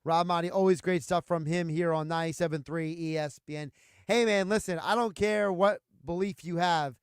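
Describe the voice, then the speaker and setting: High smooth-voiced sports radio host. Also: male voice, steady tone, moderate pace, no echo, studio quality. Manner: plainspoken, joking. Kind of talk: casual sports radio talk. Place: radio studio.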